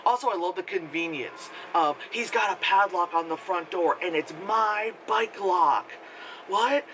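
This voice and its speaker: A man with a bright, forceful, fairly high voice rambles through a casual movie review, sarcastic and loose, full of fillers. He is recorded outdoors with faint wind noise. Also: unhurried, rough recording.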